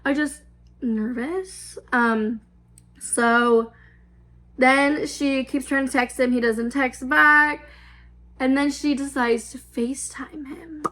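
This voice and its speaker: Young woman, high voice, casual storytime vlogger, rambling and giggly. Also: fairly even intonation, takes it slowly, sharp tone. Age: 20s. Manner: rambling, filler-heavy, swearing, giggly.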